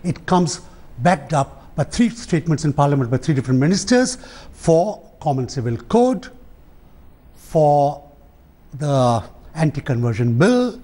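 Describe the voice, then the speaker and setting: A man's voice: fairly high pitch, very animated, a little slow, dark tone. A man, a debate guest speaking in an impassioned, aggrieved way. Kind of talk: political debate.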